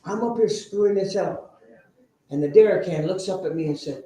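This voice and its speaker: A man telling his recovery story to a live audience, animated and sometimes shouting. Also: high voice, normal speed. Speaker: speaker sharing a recovery story. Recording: very echoey room, faint noise.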